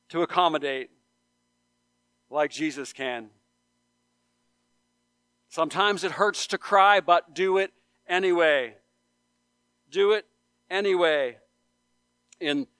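A male pastor delivers an earnest sermon, circling back on his phrases and building to loud pleas. His voice sits a bit high and sounds smooth and resonant. The recording is close and dry. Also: no room sound. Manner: earnest, repeats phrases for emphasis, rises to loud appeals. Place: church sanctuary.

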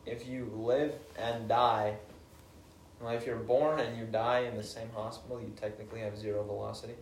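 A man's voice: mid-range voice, fairly even intonation, normal speed, slight background noise. A young man co-hosting a casual podcast, goofy and playful. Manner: goofy, does mock British and Irish voices. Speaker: podcast co-host. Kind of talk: casual chat. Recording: echoey room, mic at a distance.

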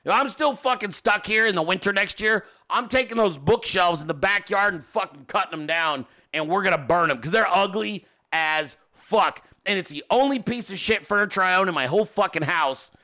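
A man hosting a podcast who tells a story as an animated, exasperated rant full of cursing. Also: sits high, normal speed, few pauses. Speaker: podcast host.

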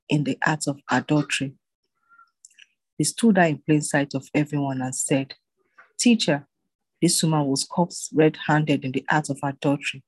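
A reader narrating scripture in a steady, even way. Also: mid-range voice, slightly rough, dry recording, low-quality recording.

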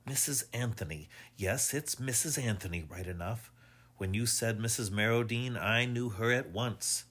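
A man voicing an older retired police inspector, precise and insistent, in a husky voice. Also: medium pitch, moderate pace, a bit bright, pitched above the performer's own voice. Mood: jubilant. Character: retired male police inspector, older, dogged and sure of himself.

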